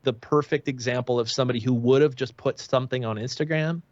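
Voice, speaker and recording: A man of middling pitch chats eagerly as a podcast guest, his talk full of "like". The sound is dull and dry, as from a remote setup. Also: fairly even intonation, fast talker, no echo. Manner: chatty, enthusiastic, lots of "like". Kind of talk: casual chat.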